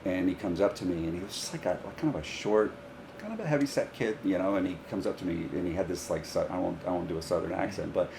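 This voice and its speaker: Low-voiced man telling coaching stories. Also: fast, creaky, noisy background. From Rhode Island, US. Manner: animated, acts out dialogue in stories. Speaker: high school golf coach. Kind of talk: casual podcast storytelling.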